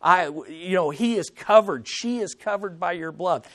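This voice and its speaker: A man's voice: high-pitched, very animated, moderate pace, hardly any pauses, fairly bright tone. A man preaching a sermon as pastor, with emphatic swells and dramatic readings of scripture quotes.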